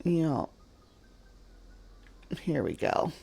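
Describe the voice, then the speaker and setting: A man hosting a stream, making casual, joking asides while pausing a video, often trailing off into quiet mumbles. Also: fairly high pitch, sing-song, gravelly, husky, soft background music. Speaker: host reacting to a video. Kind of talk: casual commentary.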